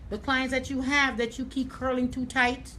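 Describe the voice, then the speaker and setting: Sassy Jamaican woman stylist, high voice. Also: level tone, normal speed, bright, forceful tone, slight background noise, poor audio. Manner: sassy, calls listeners honey. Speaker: hairstylist host. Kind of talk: chatty live-stream hair tutorial.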